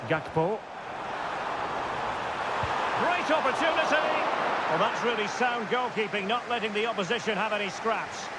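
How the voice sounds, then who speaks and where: A man with a high voice calls a football video game match in clipped play-by-play lines. His calls climb sharply whenever a chance or goal comes. Loud stadium noise rumbles under every line. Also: brisk, hardly any pauses. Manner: crisp play-by-play calling player names, rising sharply on chances and goals. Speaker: football commentator.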